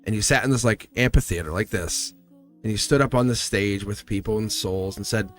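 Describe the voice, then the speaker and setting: A man's voice: fairly low pitch, lively intonation, normal speed, a bit bright, faint music behind. A man giving a live tarot reading, talking in a rambling, earnest way, laughing often and acting out quoted lines. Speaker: tarot reader. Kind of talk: live tarot reading, casual spiritual talk.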